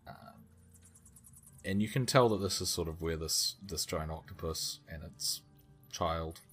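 A man narrating as game master of a tabletop game, describing scenes calmly with hesitant fillers. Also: low voice, breathy edge, soft background music. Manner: calm, measured descriptions with fillers.

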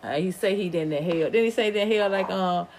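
A woman's voice: mid-range voice, fast talker, a little mellow, a little hiss or hum. A woman from the American South with an Atlanta drawl, hosting a casual livestream podcast in a profane, rambling way. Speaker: podcast host.

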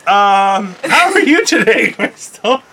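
A man's voice: sits high, very animated, slow pace, background noise. A man co-hosting a casual podcast, telling rambling stories, acting out quoted lines and laughing often. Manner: acts out quoted voices. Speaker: podcast co-host. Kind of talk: casual chat.

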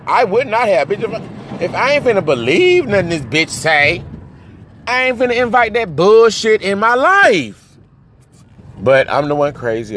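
A man crying and ranting in anger and hurt, swinging between yelling and low muttering, recorded outdoors near traffic. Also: big pitch swings, fairly quick. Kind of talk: emotional rant to camera.

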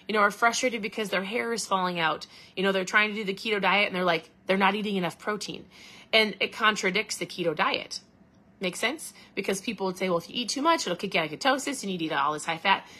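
A woman hosting a podcast who chats casually and quotes others in animated voices. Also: medium pitch. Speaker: podcast host. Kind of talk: casual live talk.

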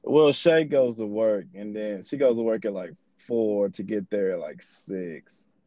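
A man's voice: on the low side, a little slow, mellow, dry recording, highs cut off. A young man hosting a podcast in casual chat, loose and profane, rambling through his stories. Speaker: podcast host.

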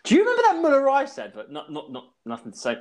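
Animated rambling man telling a story. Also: very high voice, fast. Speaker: podcast co-host. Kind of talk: casual chat.

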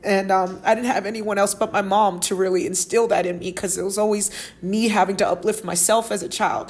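A woman talks alone on her podcast, earnest and heartfelt. Her speech rambles and is full of fillers. She is close to tears while also laughing. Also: medium pitch. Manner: emotional, tearful and laughing at once. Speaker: podcast host. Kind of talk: solo podcast monologue.

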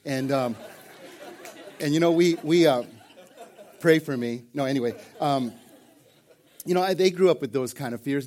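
A man's voice: mid-range voice, moderate pace, pauses often, darkish tone, a faint crowd. Folksy joking pastor, a man. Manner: folksy storytelling with jokes, repeated starts and "man". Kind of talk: sermon. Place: church service before a congregation.

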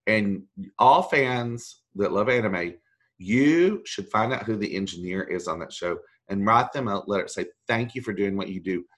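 A middle-aged man, a voice actor, chatting as an interview guest and telling animated, self-deprecating stories with mimicked voices. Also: on the low side, normal speed. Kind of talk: casual interview chat.

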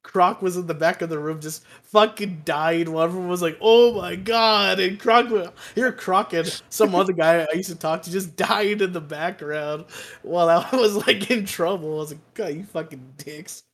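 Speaking at normal speed in a high voice, a young podcast co-host tells a long, casual story. He's animated, swears freely, and laughs his way through it.

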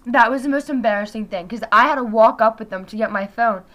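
A teenage girl telling a casual storytime, chatty and animated, filling her talk with "like". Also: a little high, quick pace. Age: teens. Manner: chatty, heavy use of "like", animated retelling. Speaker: vlogger.

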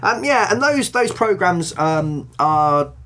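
A man's voice: high voice, big pitch swings, slow, bright, forceful tone, slight background noise. A man co-hosting a casual board game podcast, joking and slipping into silly voices. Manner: jokey, drifts into silly voices. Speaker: podcast co-host.

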